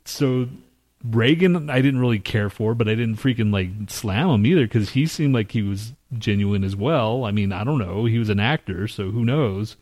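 A man's voice: on the low side, moderate pace, darkish tone. A man hosting a podcast in rambling, profane casual chat, with mocking impressions of other people. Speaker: podcast host.

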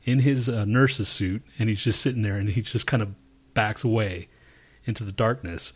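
A man co-hosting a podcast, telling a long, profane story in casual chat and bursting into shouted quotes. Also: fairly low pitch, moderate pace, husky. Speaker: podcast co-host.

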